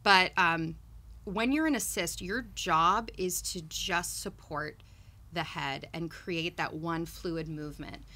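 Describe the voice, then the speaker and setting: Woman guest, young adult, bright clear voice, chatty and laughing, explaining step by step. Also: fairly low pitch, slow. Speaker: puppeteer guest. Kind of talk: casual interview chat.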